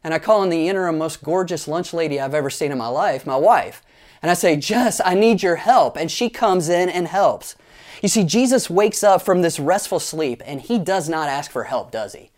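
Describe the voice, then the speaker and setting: A man preaching a sermon as pastor, telling lively stories with playful asides and leading the congregation in group actions. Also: on the high side, moderate pace.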